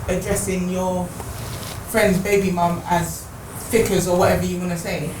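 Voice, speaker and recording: Probing woman host, echoey and distant. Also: on the low side. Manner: probing, challenging questions. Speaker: podcast host. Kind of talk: candid podcast conversation. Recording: echoey room, distant mic, noisy background.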